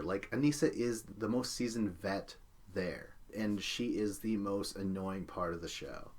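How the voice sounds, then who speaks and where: Man, lowish voice, casual podcast chat, animated. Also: normal speed. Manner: animated, laughing, mimics others in quotes. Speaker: podcast co-host.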